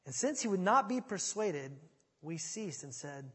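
Guy preaching, kinda husky and high, chatty but gets loud then hushed, big reverb hall. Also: sing-song, a little slow. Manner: conversational, dramatic retelling with big swings in volume. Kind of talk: sermon.

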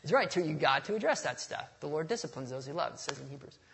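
A man's voice: a little high, animated, fast, creaky, fairly bright tone, a little hiss or hum. A man preaching a sermon in a conversational, storytelling way, with touches of humor and a passage read aloud.

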